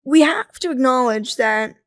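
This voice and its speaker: Young woman, animated storyteller, rather high voice, dry close sound, laughs often. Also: normal speed, dry recording. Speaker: podcast guest. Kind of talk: casual conversational interview.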